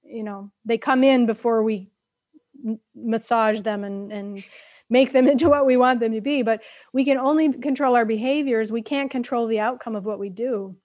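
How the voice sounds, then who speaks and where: A woman's voice: fairly high pitch, darkish tone, highs cut off. A woman coach co-hosting a casual podcast chat, thoughtful and affirming, recorded on a close mic. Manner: thoughtful, affirming, quick to agree.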